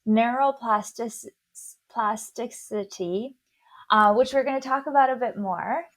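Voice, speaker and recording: A woman's voice: on the high side, a little slow, a bit bright. A woman podcast host with a slight lisp, explaining a science topic in casual chat and stumbling over long words as she goes.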